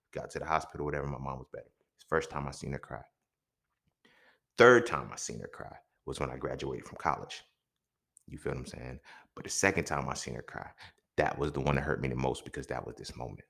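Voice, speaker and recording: A man's voice: rumbling low, brisk, creaky, fairly bright tone. A young man and podcast host telling a personal story in an emphatic, profane way, often checking in with his listeners.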